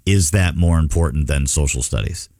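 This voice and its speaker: A man's voice: a bass voice, normal speed, dark tone, no room sound, studio quality. A man hosting a radio show, telling stories in an earnest, rambling way during casual on-air banter. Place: radio studio.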